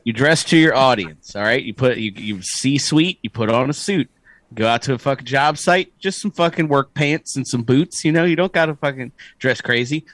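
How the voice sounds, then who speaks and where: A man co-hosting a podcast, telling stories in an animated, profane way and often laughing. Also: medium pitch, moderate pace, no echo. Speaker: podcast co-host. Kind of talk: casual chat.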